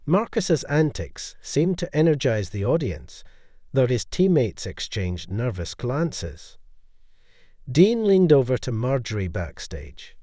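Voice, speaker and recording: A man telling a scripted story as narrator in a lively storytelling way. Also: medium pitch, a little slow, dry recording, studio quality.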